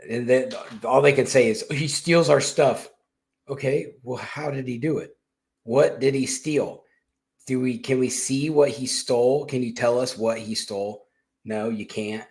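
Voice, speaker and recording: A man's voice: mid-range voice, steady tone, moderate pace, a little mellow. A man hosting a casual political commentary show, talking in a blunt, sarcastic, rambling way and cursing freely. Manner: sarcastic, blunt and mocking, with swearing; rambling with restarts and asides. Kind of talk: casual opinion monologue.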